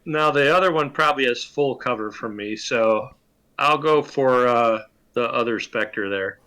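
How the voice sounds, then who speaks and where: A man playing a tabletop game, calmly stating his character's moves. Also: medium pitch, unhurried, clean tone. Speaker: player. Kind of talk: casual tabletop play.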